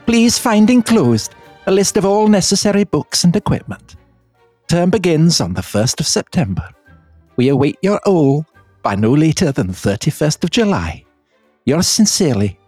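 A man's voice: on the high side, sing-song, normal speed, darkish tone, husky, no echo, soft background music, voice pushed up. A man voicing a stern elderly Scottish woman professor, reading a letter aloud in a prim, formal, clipped manner with a Scottish accent. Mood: formal, crisp.

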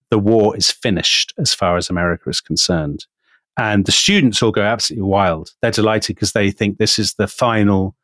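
A British man co-hosting a podcast, telling a history story in an animated way. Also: fairly low pitch, dry recording. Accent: British English. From Britain. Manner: animated, storytelling, quotes figures with emphasis. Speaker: podcast co-host.

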